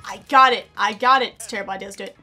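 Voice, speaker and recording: A woman streamer giving excitable, chatty commentary over her own gameplay, often gasping and exclaiming. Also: medium pitch, racing. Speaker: gaming streamer. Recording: game music and gunfire behind.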